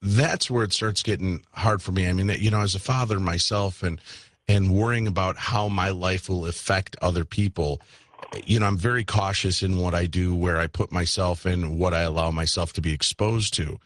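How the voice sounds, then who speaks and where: A father hosting a talk show and asking his guests thoughtful, measured questions. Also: deep voice, fairly even intonation, dry recording. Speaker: host. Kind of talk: interview questions.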